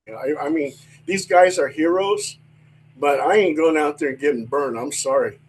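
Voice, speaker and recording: Older man, lively storyteller, slightly high. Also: normal speed, slight background noise, rough recording. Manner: animated storyteller, swears freely, acts out voices. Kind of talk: casual storytelling chat.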